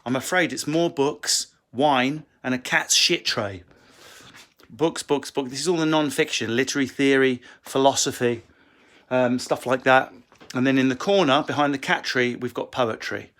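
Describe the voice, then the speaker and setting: A comedian answering viewer questions in a casual Q&A, swearing and joking in quick asides, from a book-lined room at home on a phone. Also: male voice, mid-range voice, a bit bright. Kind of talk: casual livestream Q&A.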